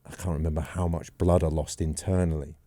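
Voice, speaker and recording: Deep-voiced man telling rambling stories. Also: flat delivery, a little fast, mellow, no echo. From England. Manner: rambling anecdotes, self-deprecating. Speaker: podcast guest, former goalkeeper. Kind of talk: casual storytelling.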